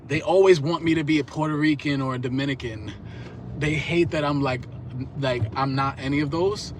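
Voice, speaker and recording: A man's voice: fairly high pitch, normal speed, slight background noise. A man in his thirties telling rambling, profane stories in streetwise slang on a live stream. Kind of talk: casual storytelling rant.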